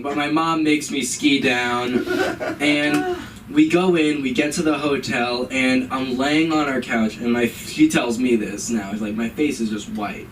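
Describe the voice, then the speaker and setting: A man's voice: medium pitch, animated, a little slow, background noise. A young man performing stand-up at an open mic, telling a story and acting out his mother's lines in a raised voice. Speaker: stand-up comedian. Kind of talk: stand-up comedy set. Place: comedy club stage. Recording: live open mic, room mic from a distance.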